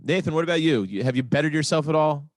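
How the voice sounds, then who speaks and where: A man's voice: on the high side, lively intonation, fast, dry recording. A man hosting a casual comedy panel chat, reading listener questions with a teasing manner. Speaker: host.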